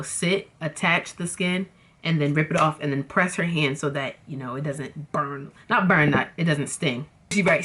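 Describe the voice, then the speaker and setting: A young woman vlogger telling a storytime in a casual, dramatic, slangy way, talking straight to her viewers. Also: low-pitched. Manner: animated, dramatic, slangy, addresses viewers as y'all.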